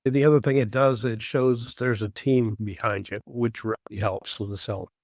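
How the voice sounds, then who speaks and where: A man's voice: mid-range voice, steady tone, normal speed, darkish tone, no echo, clean studio sound. A man co-hosting a podcast in casual chat, explaining things earnestly and telling stories from his own work. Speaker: podcast co-host.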